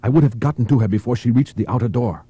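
A man's voice: mid-range voice, fast talker, dark tone, slightly rough, dry recording, pitched above the performer's own voice, close to an everyday voice. A man voicing a defiant male gunman who insists, in a defensive tone, that he was right.

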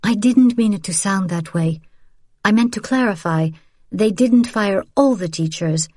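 A woman's voice: medium pitch, a little slow, darkish tone, no room sound, voice pushed up, natural voice. A woman voicing an anxious, guilty young mother. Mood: apologetic. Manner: pleading, shaky, stammering. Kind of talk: audiobook character reading.

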